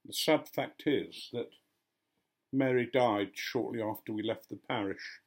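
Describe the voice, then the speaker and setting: Speaking unhurriedly in a mid-range voice, an older man who is a retired vicar tells a casual story, acting out the people's voices with gentle amusement.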